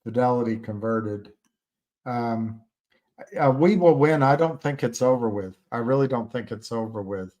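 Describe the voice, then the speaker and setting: A man's voice: medium pitch, normal speed, darkish tone. A man hosting a stock-market livestream, reading viewer comments, rambling and hesitant but emphatic and indignant. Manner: rambling, hesitant, with many fillers and restarts; emphatic and indignant about short sellers.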